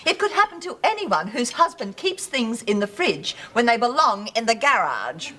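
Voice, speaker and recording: An actress playing a sharp-tongued, sarcastic wife. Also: female voice, fairly high pitch, big pitch swings, normal speed, full character voice. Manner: sarcastic, cutting. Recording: loud background noise.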